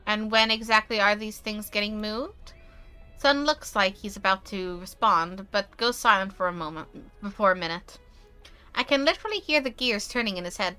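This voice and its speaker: A woman's voice: medium pitch, normal speed, clean tone, faint music behind. Chatty woman streamer. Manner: chatty, animated asides, talks with food in mouth. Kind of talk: reading a game aloud on stream.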